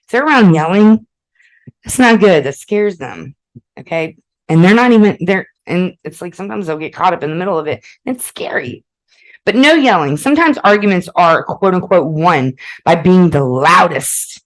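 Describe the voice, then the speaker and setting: A woman's voice: on the low side, animated, normal speed, rough recording. A woman hosting a relationship advice podcast, mixing read passages with blunt, profane asides and frequent "okay?" check-ins. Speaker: podcast host.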